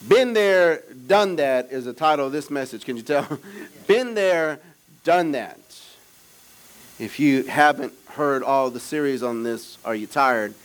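A man pastor preaching an energetic sermon with call-and-response, swinging from shouts to quiet asides. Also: mid-range voice, measured pace, poor audio. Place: church service with children present.

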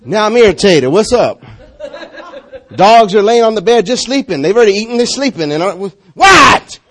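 A man with a high voice preaches to his congregation. He talks with lots of energy and laughs often, moving between loud calls and hushed, low stretches. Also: expressive, normal speed. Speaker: pastor. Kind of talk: lively sermon.

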